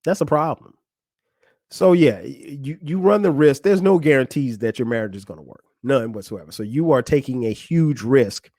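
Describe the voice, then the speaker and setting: A man in his forties hosts a podcast where he chats frankly about marriage, addressing a friend directly and laughing a lot as he advises. He speaks at a moderate pace in a mellow, medium-pitched voice, with studio-quality sound and no room tone.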